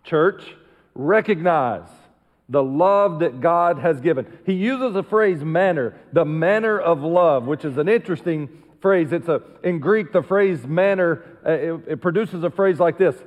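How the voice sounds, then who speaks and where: A male pastor preaching a sermon emphatically, dropping into quiet asides. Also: a little high, expressive, a little slow, big-room sound, phone-quality sound. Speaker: senior pastor. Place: church sanctuary.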